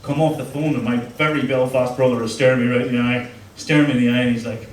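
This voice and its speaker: A man's voice: medium pitch, fairly even intonation, fast, hardly any pauses, a little hiss or hum. A middle-aged man doing a crude, self-mocking stand-up set on a club stage with a handheld mic. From Northern Ireland. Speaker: stand-up comedian. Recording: echoey club room, mic heard from a distance.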